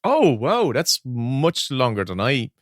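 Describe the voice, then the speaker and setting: A man's voice: medium pitch, slow pace, no room sound, studio quality. A man co-hosting a podcast, telling stories with lots of laughing during casual chat about films. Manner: laughs often, animated storytelling. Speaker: podcast co-host.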